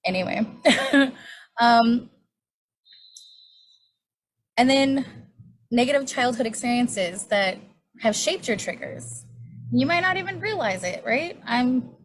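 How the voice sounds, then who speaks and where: A woman's voice: a little high, expressive, takes it slowly, long pauses. A woman in her forties teaching a healing class on triggers, candid and conversational, often checking in with a rhetorical "right?". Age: 40s. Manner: candid, conversational, self-disclosing. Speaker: class facilitator.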